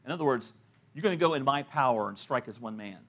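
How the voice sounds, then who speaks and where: A man's voice: medium pitch, lively intonation, fast talker, fairly bright tone. A middle-aged male pastor preaching a sermon, telling stories and acting out the people he quotes, often laughing at his own points.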